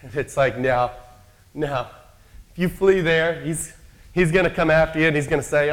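A man's voice: on the high side, moderate pace. A man preaching a sermon in a conversational, storytelling way, acting out quotes from the characters he describes.

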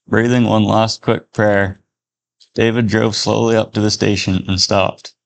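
Low, gravelly male storyteller. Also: level tone, unhurried. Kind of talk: reading a Christian story aloud.

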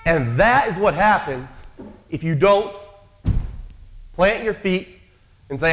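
A man's voice: sits high, expressive, slow, long pauses, fairly bright tone, slight background noise. A man preaching a sermon in a conversational, storytelling way, acting out quotes from the characters he describes.

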